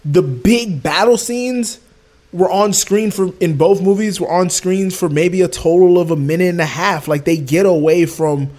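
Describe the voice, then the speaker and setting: A man in casual podcast chat reviewing a film, animated and quick to laugh. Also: high voice. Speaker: podcast co-host.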